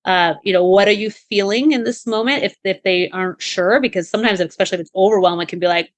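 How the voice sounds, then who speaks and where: A woman's voice: mid-range voice, fast, hardly any pauses, dry recording. A woman co-hosting a podcast, giving casual advice in a chatty way with many fillers and restarts. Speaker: podcast co-host.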